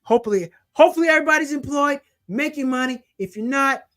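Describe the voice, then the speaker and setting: A young man hosting a casual livestream, eagerly shouting out viewers and their cities and plugging his channels. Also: very high voice, quick pace. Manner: hyped, repetitive shout-outs to viewers. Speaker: livestream host.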